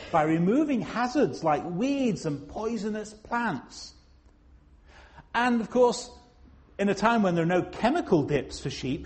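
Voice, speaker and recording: A man preaching a sermon in a slow, emphatic way, pausing for weight on single words. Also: sits high, darkish tone. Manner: slow, emphatic, with dramatic pauses.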